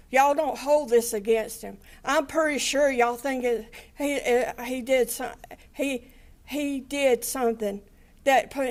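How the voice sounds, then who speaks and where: An older woman giving an angry, impassioned statement in a courtroom, swearing and with her voice breaking into tears. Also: a little high. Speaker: victim's family member giving an impact statement.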